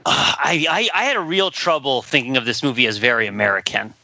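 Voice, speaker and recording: A man's voice: mid-range voice, sing-song, fast, creaky, sharp tone, no room sound. A man co-hosting a podcast, talking through a film in a thoughtful, rambling way and laughing often. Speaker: podcast co-host. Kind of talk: casual film discussion.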